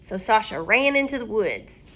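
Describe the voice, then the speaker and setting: A woman reading a children's storybook aloud, expressive and asking her listeners questions. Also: mid-range voice, normal speed, breathy edge.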